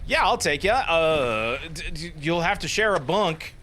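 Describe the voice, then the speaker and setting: Animated, jokey man commentating a game. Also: a little high, a little slow, slight background noise. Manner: animated, jokey, self-deprecating. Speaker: let's play host. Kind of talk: casual gameplay commentary.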